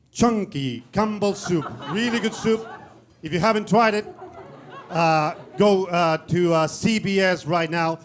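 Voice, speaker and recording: A young man from Uruguay performing deadpan stand-up with slides, his voice sitting a little high. He stumbles through uhs in a flat, halting way. Laughter rises from a live audience around him. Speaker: stand-up comedian. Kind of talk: comic PowerPoint presentation. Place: comedy venue with live audience.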